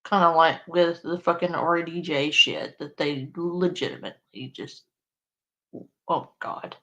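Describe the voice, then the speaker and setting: Slow, chatty woman streamer. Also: low-pitched, steady tone, sharp tone. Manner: chatty, swears casually, coos and baby-talks to her dog. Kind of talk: casual live-stream chat.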